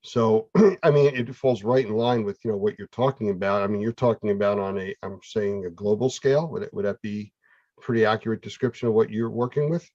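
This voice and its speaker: A man's voice: lowish voice, a little fast, a little mellow, no echo, lo-fi sound. A man hosting a casual chat, talking in a conversational, explanatory way. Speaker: host.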